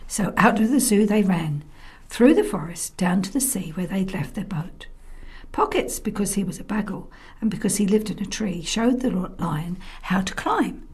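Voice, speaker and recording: A woman storyteller narrating a children's tale, expressive and often dropping to a soft whisper. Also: mid-range voice. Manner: softly whispered in places, expressive.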